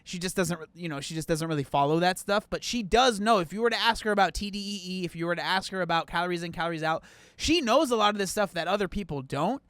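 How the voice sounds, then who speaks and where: A man's voice: high voice, fast, a bit bright, clean tone, no echo. A man rambling and chatting casually as he comments on clips in a reaction video. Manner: rambling, chatty, restarts often.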